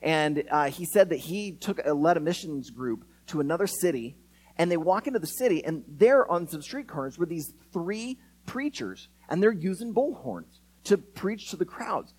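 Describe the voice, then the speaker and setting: A pastor delivers a sermon in an animated, expressive way, acting out the people in his stories. His voice sits high for a man and swings widely in pitch. It has a slightly husky grain. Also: normal speed, poor audio. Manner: animated, acts out quoted voices.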